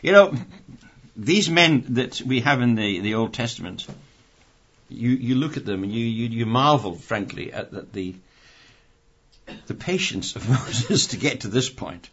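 A man's voice: mid-range voice, animated, measured pace, fairly bright tone, slight background noise. A man preaching a sermon, reading scripture and adding wry, conversational asides. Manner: conversational and wry, with many restarts. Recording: dull lo-fi recording.

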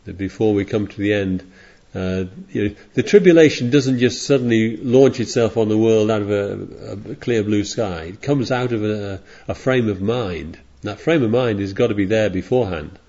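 Preacher, male: low mellow voice, rambling digressive sermon delivery, dull lo-fi recording. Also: normal speed, few pauses. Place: congregation in California.

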